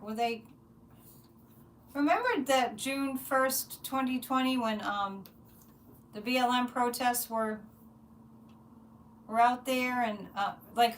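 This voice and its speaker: A woman hosting a psychic livestream, chatting casually and rambling, with frequent restarts and animated asides. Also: a little high, distant mic, slight background noise. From United States.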